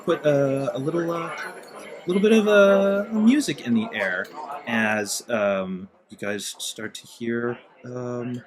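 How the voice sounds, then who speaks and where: A man narrating as game master of a tabletop game, in a halting, rambling way. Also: fairly low pitch. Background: guitar music.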